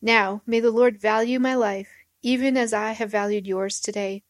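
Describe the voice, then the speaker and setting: A woman's voice: a little high, steady tone, normal speed, no room sound, lightly acted. A woman reading aloud the lines of a young male warrior-king, giving them raised emphasis. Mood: solemn.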